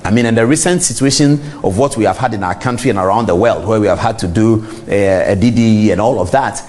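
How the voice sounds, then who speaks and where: Hosting a TV talk show, a middle-aged man with a Ghanaian English accent talks fast and directly to viewers in animated on-air commentary. His voice is on the low side.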